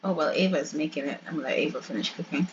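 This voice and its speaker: A woman's voice: low voice, racing. A young woman hosting a game channel, chatting and laughing often as she tells the story to her viewers. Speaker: gaming channel host. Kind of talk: casual game commentary and storytelling. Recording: dull lo-fi with faint hiss.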